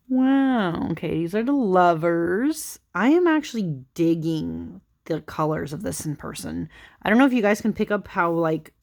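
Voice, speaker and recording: On her tarot channel, a young woman flips through a deck in a casual, chatty way, rambling with lots of fillers. Her voice is fairly low in pitch with a darkish tone. It's late at night, and between giggles she's tired and yawning.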